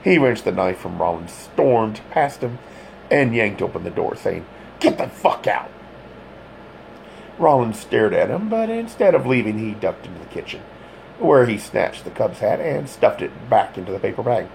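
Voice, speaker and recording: A man reading a thriller audiobook with dramatic, expressive narration. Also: fairly low pitch, normal speed, vocal fry, slight background noise.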